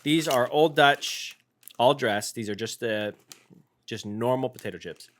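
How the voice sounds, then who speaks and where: A man co-hosting a casual food-tasting podcast, jokey and animated, with loud bursts of excitement. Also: medium pitch, unhurried, a little hiss or hum. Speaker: podcast co-host.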